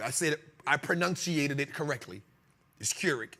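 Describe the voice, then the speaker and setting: On a comedic finance talk show, a high-pitched man speaking at normal speed discusses stocks in a playful way. He is animated, laughs a lot, and ribs his crew.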